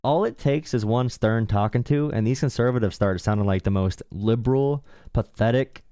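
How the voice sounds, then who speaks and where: A man's voice: mid-range voice, normal speed, warm tone, smooth, no room sound, clean studio sound. Blunt, mocking male streamer. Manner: mocking, blunt, says bro a lot. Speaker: live call-in politics show host. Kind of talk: casual streaming rant.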